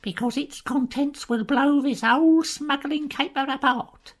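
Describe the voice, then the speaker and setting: A woman's voice: high-pitched, measured pace. A woman voicing a theatrical spy who is a master of disguise in a comedy audio play, declaiming dramatically. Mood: dramatic.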